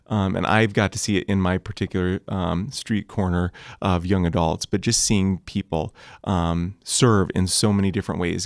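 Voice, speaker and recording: A man, a young adults pastor, speaking softly with many ums and easy laughs, then praying aloud. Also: sits low, no room sound, studio quality. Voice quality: velvety voice. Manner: soft-spoken, many ums, laughs easily. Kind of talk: relaxed podcast conversation and spoken prayer.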